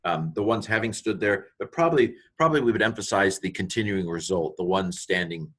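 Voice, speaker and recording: Man with a very low voice teaching Greek casually, parsing verb forms aloud, lots of ums, gets excited by grammar. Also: brisk, breathy edge. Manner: thinks aloud, parsing each word with many ums and asides; delighted by small grammar discoveries. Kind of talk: informal walkthrough of a Greek text.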